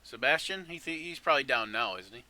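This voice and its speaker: Bright-voiced man running a tabletop game. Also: medium pitch, lively intonation, fast talker, no echo. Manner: easygoing, laughs often, tallies numbers aloud. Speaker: game master.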